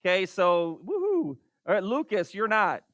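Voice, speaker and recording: A man's voice: high-pitched, unhurried, fairly bright tone, no room sound. A man teaching a math class, calling on students by name and exasperated by wrong answers. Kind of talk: classroom lecture.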